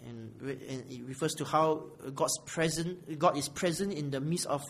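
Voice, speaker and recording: A man's voice: fairly high pitch, moderate pace, creaky, fairly bright tone. A man preaching an expository sermon in a small church room, often asking "right?" and swelling on key phrases. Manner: questioning, often asks "right?".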